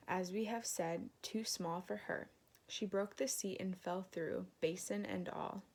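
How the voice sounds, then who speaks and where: A woman reading a fairy tale aloud in a gentle storytelling manner, adding moralizing asides. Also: mid-range voice, vocal fry.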